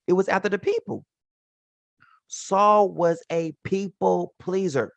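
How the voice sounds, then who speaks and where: A man's voice: high voice, takes it slowly, gravelly, no room sound, muffled recording. A man teaching from the Bible in an informal, slangy way, acting out the characters' lines as he retells the stories.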